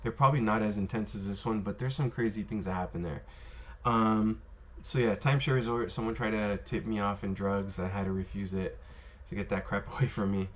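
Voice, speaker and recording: A man with a fairly low voice tells stories straight to the camera in an easy, conversational way. He rambles, circles back, and leans on "um" and "you know" as he goes. The delivery is relaxed and unscripted. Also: fairly quick. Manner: rambling, filler-heavy, lots of "you know" and "um". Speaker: former bartender telling stories. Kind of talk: casual storytelling to camera. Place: worked in Las Vegas.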